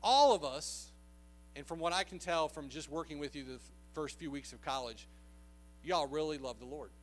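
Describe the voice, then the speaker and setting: A man's voice: a little high, normal speed. A man preaching a sermon, telling a personal story in an earnest, conversational way with frequent filler sounds.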